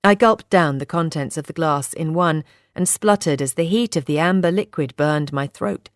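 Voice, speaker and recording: Low-voiced woman reading a novel. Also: moderate pace, no echo, studio quality. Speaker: audiobook narrator. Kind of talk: first-person novel narration.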